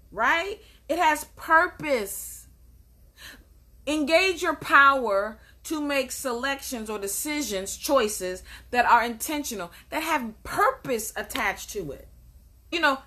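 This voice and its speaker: A woman's voice: fairly high pitch, bright, forceful tone. A woman life coach giving a motivational talk, emphatic and repetitive, asking rhetorical questions and answering them.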